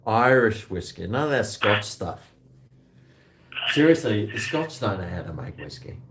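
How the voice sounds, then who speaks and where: Australian male host, lowish voice, blunt and sweary, rambling call-in chatter. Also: very animated, unhurried, very noisy. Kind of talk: casual call-in chat.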